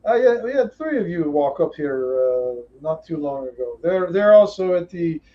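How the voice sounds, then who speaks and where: A man voicing a hearty seven-foot giant man who leads a town, talking in clipped, broken phrases with a welcoming boom. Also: very animated, normal speed, lo-fi sound. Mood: bossy.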